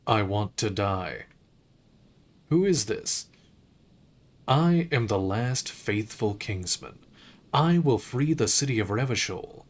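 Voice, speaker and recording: A man voicing a drunk, despairing male detective in his own plain, unhurried voice during a game playthrough. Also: lowish voice, expressive. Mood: desperate.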